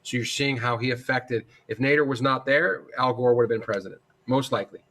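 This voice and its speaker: A man talks through a recorded lecture in an easygoing, conversational way. He speaks at a middle pitch, calls his students "guys," and often restarts his sentences with fillers. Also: a little fast, a bit bright. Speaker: instructor.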